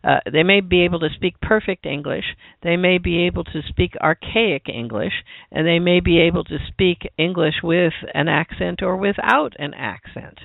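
Gravelly radio host on a phone line. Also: medium pitch, moderate pace, hardly any pauses, no echo. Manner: attentive, brief affirmations. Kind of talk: radio interview.

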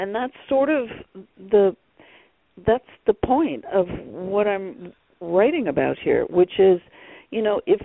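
A man's voice: high-pitched, creaky, no echo. A man talking as an author guest on a radio interview, rambling with many fillers over a phone line.

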